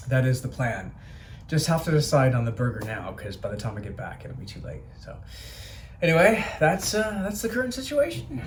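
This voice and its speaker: Rambling man vlogging from a hotel room. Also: medium pitch. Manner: rambling, musing, easily amazed. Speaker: travel vlogger. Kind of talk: casual chat to camera. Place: hotel room by an open window. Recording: faint city noise behind.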